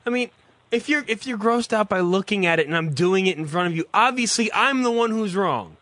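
A man's voice: high-pitched, lively intonation, a little fast, fairly bright tone, dry recording. A man hosting a call-in show, swearing a lot and rambling in a self-mocking way. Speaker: radio call-in show host. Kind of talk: crude comedic call-in monologue.

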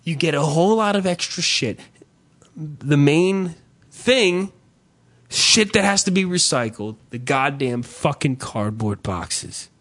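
Animated profane ranting man. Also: fairly high pitch, slow. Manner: profane, animated ranting with mock-shouted quotes. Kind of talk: casual comedic rant.

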